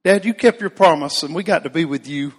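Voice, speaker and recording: A man's voice: fairly high pitch, a little fast, slightly rough, in a large hall. A preacher doing a pleading teenage boy. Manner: whiny, repeating himself.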